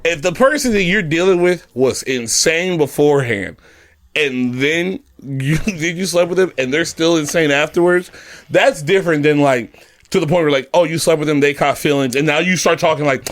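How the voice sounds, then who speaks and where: A man's voice: fairly high pitch, normal speed. A man co-hosting a podcast in casual chat, telling stories, laughing often and acting out quoted lines. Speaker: podcast co-host.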